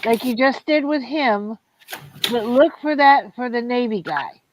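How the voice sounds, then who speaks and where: Woman host, slightly high voice, bossy game-night chatter, hiccuping, faint noise. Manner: bossy, quick back-and-forth, restarts. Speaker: host playing a mystery game. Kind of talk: casual chat while playing a game.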